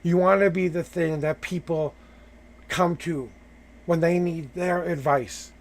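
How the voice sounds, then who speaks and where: A man's voice: a little high, steady tone, measured pace. A man hosting a live tarot reading, coaching the person he reads for with emphatic, repeated affirmations.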